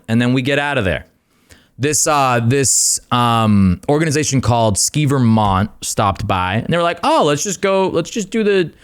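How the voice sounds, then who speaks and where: Casting: young adult male guest, casual and rambling, mid-pitched, loose storyteller. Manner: rambling storyteller, many fillers, swearing. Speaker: podcast guest. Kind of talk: casual chat.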